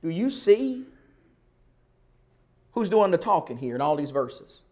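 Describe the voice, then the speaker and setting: A man's voice: high-pitched, very animated, a little slow, a little mellow. A male pastor preaching a sermon, emphatic and repeating his key points over and over.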